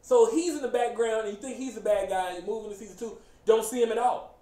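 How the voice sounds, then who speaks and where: A man hosting a casual chat, animated and joking, often breaking into laughter. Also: high-pitched, quick pace. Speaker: host. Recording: echoey room, faint background noise.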